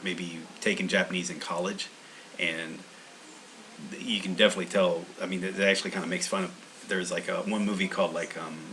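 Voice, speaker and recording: A man's voice: deep voice, fairly bright tone, a little hiss or hum, low-quality recording. A man hosting a language-learning channel, talking in a meandering, casual monologue full of restarts.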